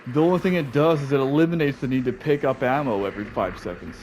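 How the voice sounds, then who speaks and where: A man's voice: medium pitch, fast, background noise. Laid-back cussing gamer guy. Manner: laid-back, swears a lot, fills talk with "like" and "dude". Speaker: video game player. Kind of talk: casual gameplay commentary.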